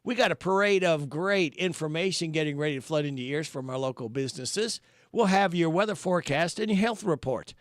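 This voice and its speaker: A man's voice: a little high, expressive, fairly quick, dry recording, clean studio sound. A man hosting a local radio show, announcing community events in a folksy, rambling way with fillers. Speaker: radio host. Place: radio studio. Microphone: studio microphone.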